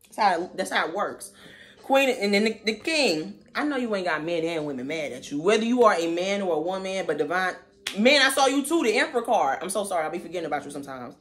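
A woman giving a casual tarot reading in a sassy, slangy manner with animated asides. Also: fairly low pitch, fast, slight background noise. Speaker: tarot reader.

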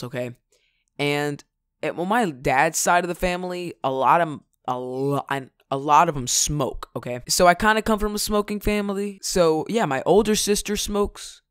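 A man's voice: a little high, clean tone, no echo, clean studio sound. A young man casually telling a rambling story as a vlogger, often laughing at his own jokes.

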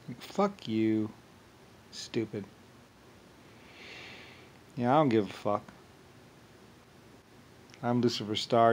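Man, mid-pitched, rambling profane monologue, agitated and grandiose. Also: a little mellow.

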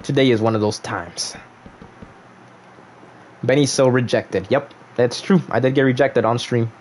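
A man's voice: medium pitch, fairly even intonation, a little slow, a little mellow, a little hiss or hum. A young man casually chatting on a gaming livestream, reading viewers' chat aloud and joking back at them.

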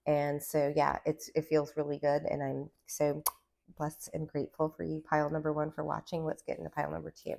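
A woman's voice: sits low, monotone, fairly quick, creaky, darkish tone. A woman giving a casual pick-a-card tarot reading, rambling along with lots of "like" and a valley-girl lilt. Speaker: tarot reader.

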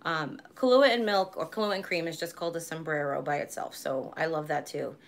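A woman in her forties with a fairly low voice talks to her viewers in a loose, rambling way. She chats casually and laughs easily as she goes. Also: fairly quick, vocal fry. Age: 40s. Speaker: vlogger hosting a live stream. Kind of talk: casual live-stream chat.

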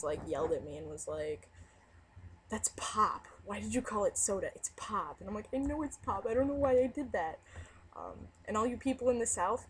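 A woman's voice: mid-range voice, slight background noise, rough recording. A young woman, casually reading a dialect word list and rambling through her answers. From United States. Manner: rambling, self-questioning asides.

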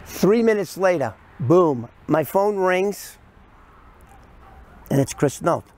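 A man's voice: high-pitched, animated, slow, a little mellow. A middle-aged man telling a story in a casual way to camera, acting out the quoted voices with animation.

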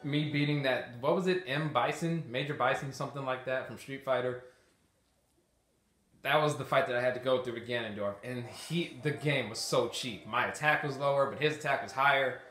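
A man does casual let's-play commentary in an echoey room with game music behind him, sounding exasperated and talking to himself as he plays. His voice is medium in pitch, a bit bright, at normal speed.

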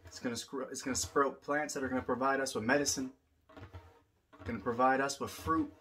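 A man's voice: mid-range voice, fairly even intonation, fairly quick, sharp tone. A man teaching about the drum in a rhythmic spoken-word style, repeating lines like a chant. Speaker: poet and drummer. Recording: drum music playing throughout.

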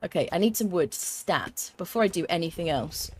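A young woman streaming a video game, chatting excitably to the creatures and her viewers as she plays. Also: lowish voice, normal speed, slight background noise. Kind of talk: let's play commentary. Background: faint game music.

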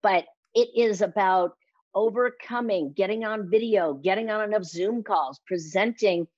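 Energetic and animated, a female speaking coach in an interview performs small quotes by changing her voice. She speaks at a normal speed with medium pitch, captured in a dry recording with the highs cut off.

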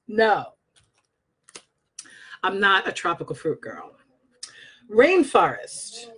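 In this casual product review vlog, an adult married scent consultant reads out scent descriptions, talking bluntly and cursing now and then. She uses her own microphone, and her voice is medium-pitched with a fairly bright tone.

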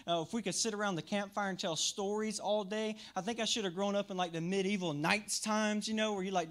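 A man's voice: high voice, fairly bright tone. A man preaching a sermon in a church as pastor, with a slight country twang, upbeat and chatty, talking to the room and to viewers online. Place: church sanctuary.

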